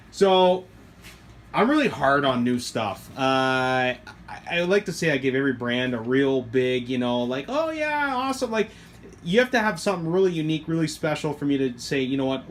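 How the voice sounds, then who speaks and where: Excitable rambling man. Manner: excitable, rambling, jumps to high squeals when thrilled. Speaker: hobby shop owner reviewing RC trucks. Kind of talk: casual product review.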